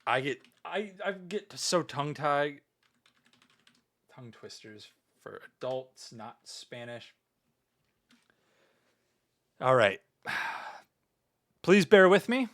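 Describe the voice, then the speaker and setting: A man's voice: fairly high pitch, sing-song, takes it slowly, pauses often, a bit bright. A man chatting casually on a livestream as a VTuber, playful and mock-grandiose, swearing often. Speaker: VTuber streamer.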